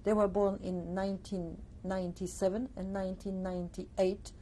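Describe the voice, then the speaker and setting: An older woman from Alsace, giving a reflective testimony interview, pausing often with "uh" and "you see". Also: medium pitch, flat delivery, dark tone, a little hiss or hum. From Alsace, France.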